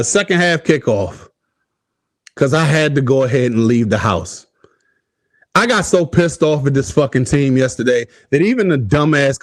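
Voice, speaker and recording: Man, fan podcast host, cursing rant, exasperated, mid pitch, dry close sound. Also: no echo. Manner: profane, exasperated, laughing at himself. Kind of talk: casual ranting commentary.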